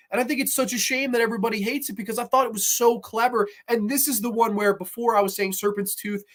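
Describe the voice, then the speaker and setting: A man hosting a horror podcast, casually reviewing episodes with excited, profane chatter. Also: sits high. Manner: excitable, profane, laughs while retelling.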